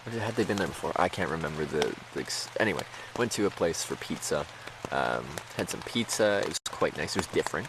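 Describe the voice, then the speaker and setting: Low-voiced guy rambling on stream, laughs a lot, rain pattering behind. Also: noisy background. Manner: rambling, laughs often, many fillers. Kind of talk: casual storytelling to stream chat.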